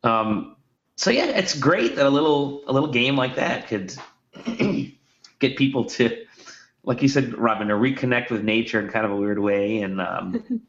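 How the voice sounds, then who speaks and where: A man's voice: medium pitch, expressive, normal speed, fairly bright tone. A man hosting a podcast, chatting casually about video games, rambling with restarts and filler words. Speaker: podcast host. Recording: roomy, dull lo-fi sound.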